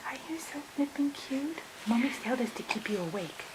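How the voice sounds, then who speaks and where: A woman's voice: high-pitched, animated, normal speed. An older woman, a grandmother, talking in sing-song baby talk to an infant at home, often dropping to a whisper. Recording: home video with loud background noise.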